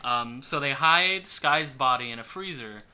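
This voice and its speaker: A man's voice: medium pitch, lively intonation, measured pace, sharp tone, clear, resonant tone. A man co-hosting a podcast, casually recapping a movie, swearing, laughing and acting out the characters' lines. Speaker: podcast co-host.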